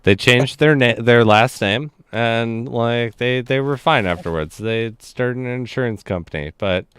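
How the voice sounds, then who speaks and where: A man's voice: medium pitch, measured pace, a bit bright, smooth, dry recording. A man hosting a gaming stream in casual chat, laughing often and swearing as he tells stories.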